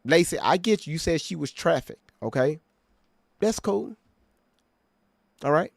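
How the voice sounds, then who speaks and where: Here a male host reacts on video, addressing viewers emphatically and checking in with them often as he chats casually. His pitch is fairly high and his intonation lively, though his delivery is a little slow and creaky. The sound is clean studio audio without echo.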